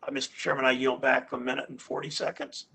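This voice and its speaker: An older man, a senator at a committee hearing, questioning a nominee in a halting, earnest way and often restarting his words. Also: medium pitch, level tone, pushed and bright, slightly rough, rough recording.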